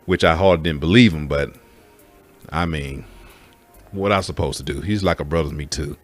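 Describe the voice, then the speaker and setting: A man's voice: rumbling low, normal speed, soft background music. A man telling a personal story in a candid, profane way, speaking straight to his listeners as folks. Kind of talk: casual spoken story.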